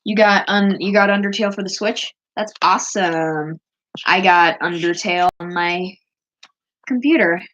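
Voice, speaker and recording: A woman's voice: on the low side, normal speed, a bit bright, lo-fi sound. A woman streamer chatting casually as she shows her drawings, rambling and gushing over cute things. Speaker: streamer showing her artwork.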